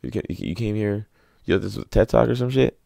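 A man's voice: fairly low pitch, fast talker, vocal fry, mellow, no echo, clean studio sound. A man hosting a solo podcast, rambling through crude, joking, self-mocking rants. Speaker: podcast host.

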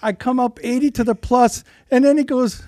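High-voiced, animated storytelling man. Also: moderate pace, no room sound, clean studio sound. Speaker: salesman and podcast guest. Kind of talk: casual storytelling chat. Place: rug and carpet showroom.

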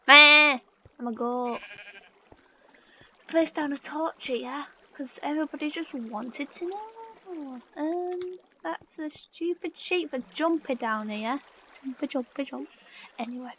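A woman's voice: high voice, lively intonation, slow, a little hiss or hum. A British woman chatting casually over gameplay, playful and rambling, with silly asides. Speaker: gaming vlogger.

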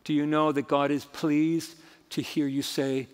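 Male pastor, fairly high voice, emphatic sermon delivery, echoey church sound. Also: little pitch movement, a little slow, clear, resonant tone. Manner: emphatic preaching, rising and falling dramatically. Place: church sanctuary.

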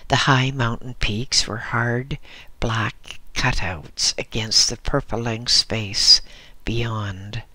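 A man narrating an audiobook in a measured, descriptive storytelling manner. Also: mid-range voice, bright, forceful tone, dry recording.

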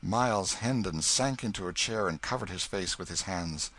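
A man narrating a classic novel as an audiobook in a measured storytelling manner. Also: low voice, a bit bright. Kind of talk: scripted narration.

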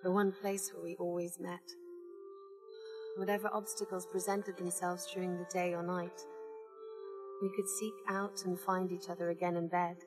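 An actress voicing a reflective woman narrating her own story in scripted voice-over, with a measured, even delivery. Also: lowish voice, music in the background, lightly acted. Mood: intimate. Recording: reverberant TV soundtrack with loud score.

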